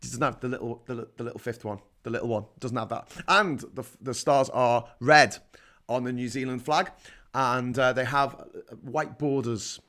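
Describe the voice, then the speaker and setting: A livestream host from Liverpool, England, speaks with a medium-pitched, steady, slightly bright voice at a moderate pace. He rambles casually, cracks jokes and reads out chat comments.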